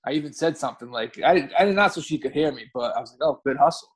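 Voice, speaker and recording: A man's voice: a little high, animated, racing, husky. A man co-hosting a podcast, telling rambling, profane stories in casual chat and often correcting himself. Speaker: podcast co-host.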